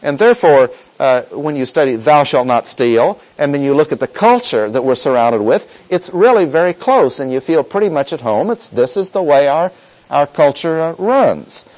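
A man delivers a sermon in an animated, rising-and-falling voice. He leans on quoted verses with deliberate emphasis and turns to the congregation with questions. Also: fairly high pitch, rough recording. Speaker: preacher.

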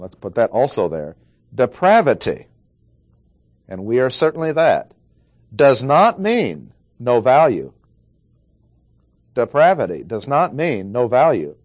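A man preaching a verse-by-verse sermon in a medium-pitched voice. He speaks deliberately, leaning on key words and repeating points for emphasis. The sound is dry and close, with no room echo. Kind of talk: expository sermon.

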